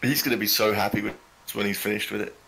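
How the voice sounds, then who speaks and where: A man's voice: on the low side, fairly even intonation, fast, vocal fry, sharp tone, poor audio. A man in casual chat, making dry, teasing remarks.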